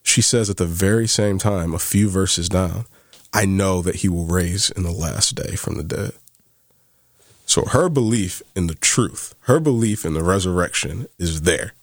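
Man, very low voice, earnest podcast co-host, rising emphasis, dry close mic. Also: unhurried, dry recording. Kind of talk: casual faith discussion.

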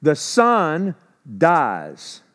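A male preacher with a slightly high voice delivers his sermon in a loose, conversational way. He asks rhetorical questions and answers them himself. He acts out people's words in a casual, everyday voice. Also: wildly swooping pitch, very slow, a bit bright. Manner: acts out quoted speech in a casual voice. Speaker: pastor.

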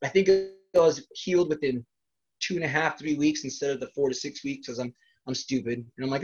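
A man's voice: medium pitch, steady tone, fairly quick, slightly rough. Male wrestler guest, casual profane storyteller, mid-range voice, muffled lo-fi audio. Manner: profane, self-deprecating, laughs often. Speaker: professional wrestler.

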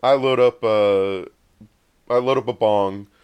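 A man telling a long story in casual chat, rambling and animated, often acting out what others said. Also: on the low side, takes it slowly, clear, resonant tone. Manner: rambling, animated, acts out quoted voices.

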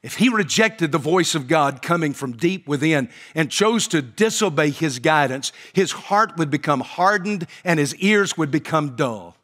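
A male pastor delivers a sermon in a slightly higher-than-average voice. He tells his story with frequent pauses and "uh"s, then builds to emphatic, rising quoted lines. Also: expressive, fairly bright tone.

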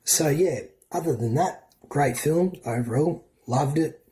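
A man's voice: a little high, unhurried, mellow. A man with an Australian accent giving a casual, profanity-laced film review as a podcast co-host. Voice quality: swears freely, loose and chatty.

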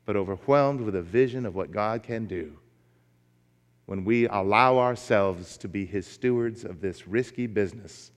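A man's voice: fairly low pitch, normal speed. A male pastor delivering a sermon, emphatic and folksy as he tells a story. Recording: long reverb of a large hall.

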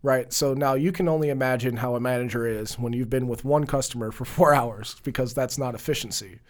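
A young man in a relaxed talk show, spinning a long anecdote. He laughs often and slips into voices for the people in his story. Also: medium pitch, brisk. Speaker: podcast co-host. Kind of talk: casual storytelling chat.

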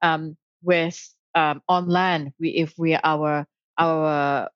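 A woman guest speaking in a thoughtful, measured way, with frequent ums and light laughs, about her career. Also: low voice, fairly even intonation, no room sound, lo-fi sound. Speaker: interview guest, author and founder. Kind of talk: casual conversational interview.

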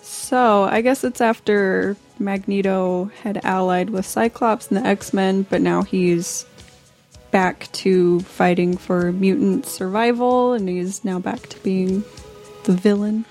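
A woman's voice: mid-range voice, fairly even intonation, slow pace, darkish tone. Woman, comics chat, hesitant, playful, short replies, faint music. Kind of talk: casual chat about comics.

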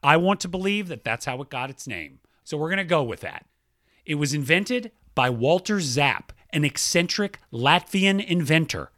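A man co-hosts a chatty podcast with real enthusiasm, running through listener mail. His voice leaps around in pitch with a bright, forward edge. The recording is close and dry, with no room sound. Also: sing-song, normal speed, dry recording. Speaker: podcast co-host. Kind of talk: casual chat.

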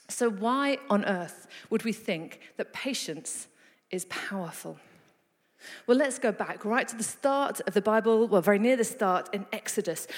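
Woman preaching in a reverberant hall. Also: medium pitch. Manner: animated storytelling with playful asides. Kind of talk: sermon. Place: church hall.

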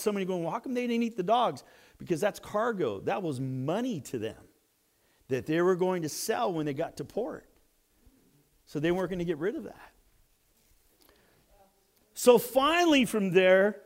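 Man, high voice, preacher, storytelling sermon, hushed-to-loud swings.

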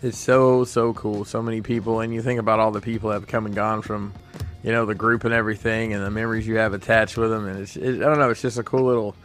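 A man's voice: on the low side, little pitch movement, quick pace, fairly bright tone, soft background music. A man hosting a podcast, chatting casually and telling stories with lots of restarts. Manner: rambling, storytelling with restarts. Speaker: podcast host. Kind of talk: casual chat.

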